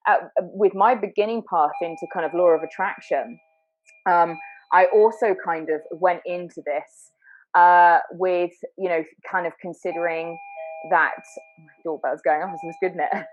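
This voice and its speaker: A woman's voice: on the low side, normal speed, lo-fi sound, soft background music. A woman hosting a casual interview, chatty and laughing often, with plenty of fillers. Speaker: interview host.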